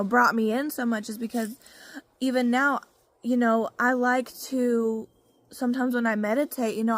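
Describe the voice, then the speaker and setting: A woman, telling her own story in a frank, profane vlog full of "you know" fillers. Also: a little high. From Arkansas, US. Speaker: vlogger. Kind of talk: casual personal testimony.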